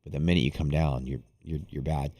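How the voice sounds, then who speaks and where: Rumbling low and slightly rough, his dark voice carries vocal fry and a steady tone at a fairly quick clip. He's hosting a live trading stream, chatting casually in a rambling, foul-mouthed way with many restarts.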